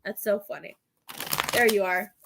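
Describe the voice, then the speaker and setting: A woman's voice: mid-range voice, steady tone, measured pace, creaky, background noise. A woman working as a psychic medium, chatting through a live tarot and mediumship reading in a giggly, rambling way with many fillers.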